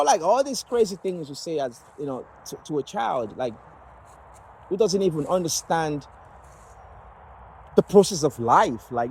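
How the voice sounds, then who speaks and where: A man's voice: on the high side, a little mellow, a little hiss or hum, rough recording. Rambling man from Nigeria. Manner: rambling, many fillers and restarts. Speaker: vlogger sharing personal story. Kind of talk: casual personal storytelling.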